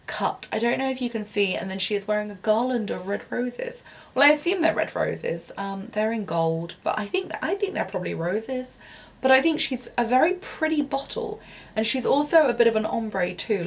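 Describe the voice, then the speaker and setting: Bubbly chatty young woman reviewing. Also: fairly high pitch. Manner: bubbly, chatty, self-deprecating with frequent fillers. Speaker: beauty vlogger. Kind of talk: casual product review.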